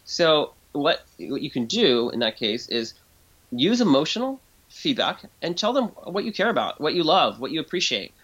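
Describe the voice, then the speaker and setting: A man appears as a guest expert in an interview, explaining things in a lively, conversational manner. He frequently restarts his sentences and does voices when quoting people. His voice sits on the high side, and he speaks at a moderate pace.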